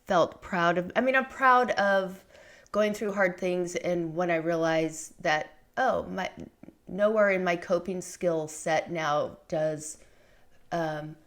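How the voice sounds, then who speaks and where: A woman's voice: fairly low pitch, slow pace, a bit bright. A middle-aged woman talking candidly as a podcast guest, rambling with lots of fillers and restarts. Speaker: podcast guest, memoir author. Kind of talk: conversational interview.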